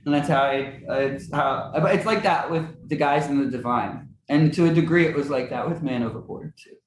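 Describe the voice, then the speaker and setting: A man chatting casually as a musician guest in an interview, animated and laughing often. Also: normal speed. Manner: animated, acts out quoted friends in high voices, laughs often. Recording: roomy with faint ambience.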